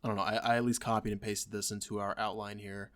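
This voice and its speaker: A man co-hosting a casual gaming podcast, talking in a relaxed way and giving short agreeing replies. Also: fairly low pitch, fast. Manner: relaxed, reads blog text aloud, short agreeing replies. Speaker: podcast co-host.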